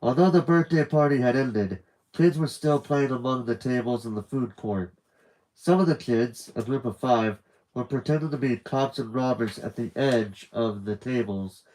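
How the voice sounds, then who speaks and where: A man's voice: mid-range voice, a little mellow, low-quality recording. Man reading a novel aloud live. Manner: casual, breaks off for rambling side comments. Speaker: novel reader.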